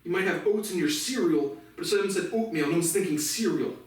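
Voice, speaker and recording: A man's voice: sits high, fast. A man hosting a casual news commentary, ranting sarcastically and swearing a lot. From United States. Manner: profane, sarcastic ranting with laughs. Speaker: commentary show host. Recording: echoey room, mic far off.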